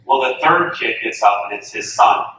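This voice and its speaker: A man, a softball coach, tells an animated story to an audience and acts out each voice he quotes. His voice is bright and forceful. He sounds a little far from the mic in a big, echoey hall with faint room noise. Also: fairly low pitch, moderate pace. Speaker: softball coach giving a talk.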